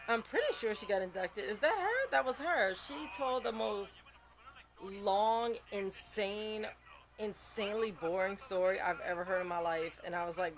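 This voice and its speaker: A man's voice: sits high, animated, moderate pace, a bit bright, slight background noise. A man hosting a wrestling reaction video. He talks in casual, outspoken commentary, exclaims and swears often, and sounds sleepy and yawning late at night. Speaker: wrestling reaction channel host.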